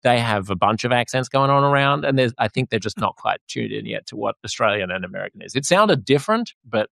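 A man's voice: medium pitch, animated, quick pace, vocal fry, fairly bright tone, no echo. A man hosting a podcast who talks in a casual, rambling way and laughs as he goes. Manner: rambling, chatty, laughs while talking. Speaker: podcast host. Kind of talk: casual conversation.

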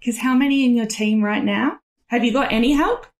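A woman's voice: on the high side, fairly quick. A woman interviewing a guest, asking friendly, conversational questions. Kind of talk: casual interview.

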